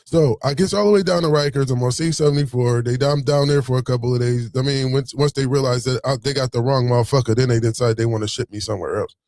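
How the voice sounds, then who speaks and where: A man telling a story in a casual, animated, streetwise way, swearing freely. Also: mid-range voice, fast talker, hardly any pauses, no room sound, studio quality.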